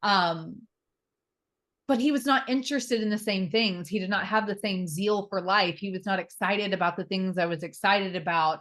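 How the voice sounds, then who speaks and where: A woman's voice: medium pitch, normal speed, a bit bright. A woman in her thirties, a podcast guest, telling her personal story openly and emotionally, with fillers and the odd swear word. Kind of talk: candid personal interview.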